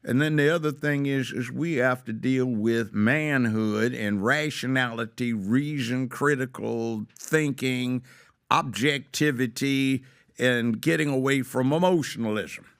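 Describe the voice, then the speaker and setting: Gravelly older man, emphatic talk. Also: mid-range voice, unhurried. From United States. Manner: emphatic, rising to loud exclamations. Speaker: guest, former judge. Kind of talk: opinionated talk show monologue.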